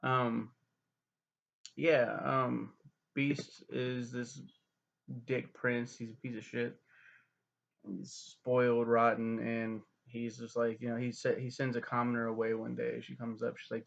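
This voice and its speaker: A man giving a rambling, profane casual movie recap, slipping into quick voices for the characters. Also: medium pitch, little pitch movement, gravelly, muffled recording. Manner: loose, profane, mimics characters in quick asides. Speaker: film reviewer.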